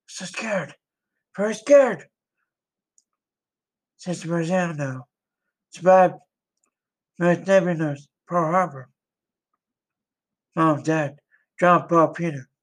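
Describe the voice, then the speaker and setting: A man's voice: a little high, takes it slowly, long pauses. Earnest rambling man role-playing. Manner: rambling, loose phrases, earnest. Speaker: solo role-player. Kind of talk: amateur solo role-play.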